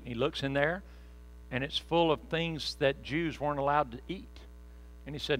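A man's voice: medium pitch, moderate pace, fairly bright tone, low-quality recording. A man preaching a sermon as pastor, folksy and conversational with joking asides to the congregation.

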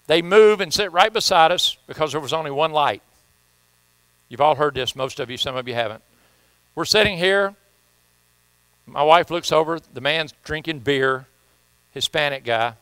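A man's voice: fairly high pitch, moderate pace, pauses often, bright, forceful tone, smooth, no room sound. A man preaching a sermon in church, telling folksy stories and reading scripture with emphasis. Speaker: pastor. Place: church sanctuary.

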